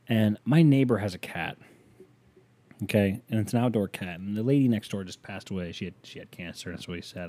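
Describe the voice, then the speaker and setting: Mellow-voiced man rambling through a podcast. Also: fairly low pitch. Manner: rambling, joking, addresses listener directly. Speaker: podcast host. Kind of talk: casual solo podcast monologue.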